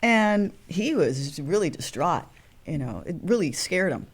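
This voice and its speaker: A woman in her sixties, a guest actress, telling animated stories and acting out the voices of people in them. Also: lowish voice, measured pace, husky. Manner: animated storyteller, acts out quoted voices. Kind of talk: storytelling interview.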